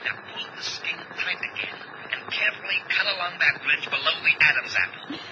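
An actor playing a steady man who gives urgent, measured orders, in old radio drama style. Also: fairly high pitch, close to an everyday voice. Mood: commanding. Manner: firm, commanding, measured. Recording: dull old recording with loud hiss.

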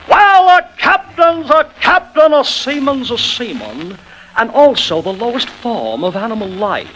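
A tyrannical British sea captain. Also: male voice, very high voice, pitched above the performer's own voice, exaggerated voice, rough recording. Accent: slight British. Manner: punchy attack fading from shout to whisper. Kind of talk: 1940s radio impression.

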